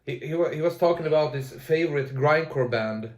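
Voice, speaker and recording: A man hosting a casual podcast keeps his remarks short, often laughing as he chimes in. His voice sits a little high for a man. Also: fairly quick, darkish tone. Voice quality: brief laughing interjections. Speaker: podcast host.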